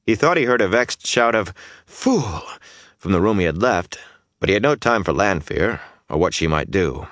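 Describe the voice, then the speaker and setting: A man's voice: low voice, lively intonation, brisk, fairly bright tone, no room sound, clean studio sound. A man narrating a fantasy audiobook with intense, dynamic storytelling that swells through the battle scenes.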